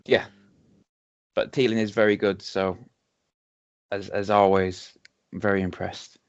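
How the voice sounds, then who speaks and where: Rambling low-voiced man on a lo-fi podcast. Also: level tone, unhurried, clean tone. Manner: rambling, hesitant, many restarts and ums. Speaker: podcast co-host. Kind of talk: casual whisky-tasting chat. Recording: dull lo-fi home podcast recording.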